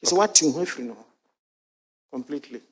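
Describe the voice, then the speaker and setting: Halting pastor in an echoey church. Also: male voice, a little high, animated, fairly bright tone, husky. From Ghana. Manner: halting, searches for words, many restarts. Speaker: pastor on a lesson panel. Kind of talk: panel Bible lesson discussion. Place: church sanctuary during a livestreamed service.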